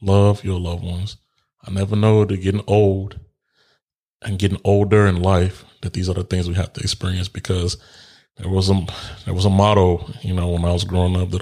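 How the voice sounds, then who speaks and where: A man's voice: low-pitched, level tone, brisk, vocal fry, a little mellow, breathy edge. A man telling a personal story in a candid, reflective way, laughing often and swearing casually as he works through grief. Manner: reflective and grieving.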